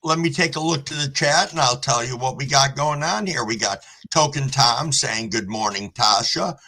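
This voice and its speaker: A man's voice: mid-range voice, normal speed, a loud crowd, poor audio. A man hosting a live stream, chatting casually with a guest and cheerfully greeting viewers from the chat.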